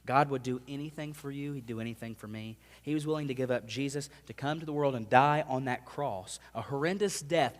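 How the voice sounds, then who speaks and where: A youth minister in his thirties preaching a sermon, earnest, swinging from loud emphasis to hushed, near-whispered pleas. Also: medium pitch, in a large hall. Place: church sanctuary.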